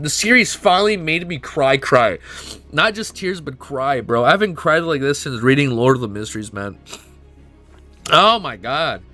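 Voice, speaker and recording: A man streaming himself reading a web novel aloud, breaking into emotional, profane, excited reactions. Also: fairly high pitch, normal speed, soft background music. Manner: emotional, swears often, gushes in excited outbursts.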